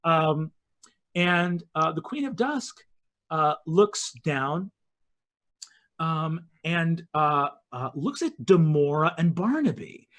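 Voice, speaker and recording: A man running a tabletop fantasy game as dungeon master. He narrates slowly and expressively, with a voice a little higher than most men's. He brings scenes to life for the players. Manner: animated storyteller, voices characters.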